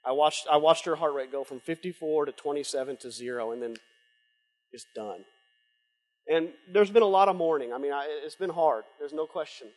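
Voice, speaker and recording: A middle-aged man giving a heartfelt personal testimony as a conference speaker, halting, with many restarts and a breaking voice. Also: fairly high pitch. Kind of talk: emotional personal testimony sermon. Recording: long hall reverb.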